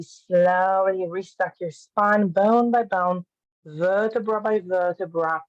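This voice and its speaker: A woman teaching an online pilates class, calmly cueing each movement step by step. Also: fairly low pitch, highs cut off. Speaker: pilates instructor. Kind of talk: guiding an online fitness class.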